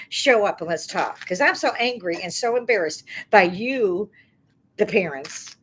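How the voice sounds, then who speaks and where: A woman's voice: mid-range voice, expressive, unhurried, fairly bright tone, a little hiss or hum. A middle-aged woman hosting her own talk stream, ranting angrily about politics with heated, indignant outbursts. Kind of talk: angry political rant.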